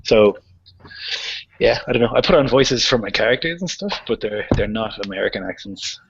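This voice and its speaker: A man with a Dublin Irish accent chats in a blunt, jokey way. His call sounds dull and lo-fi. Clear static hisses behind him. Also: fairly low pitch, expressive, normal speed. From Ireland. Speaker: panel guest. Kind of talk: casual chat.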